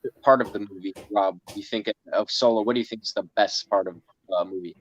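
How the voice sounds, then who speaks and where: A man's voice: lowish voice, steady tone, fairly quick, no echo, lo-fi sound. A man, a guest on a live online show, asking the host about a movie in casual chat.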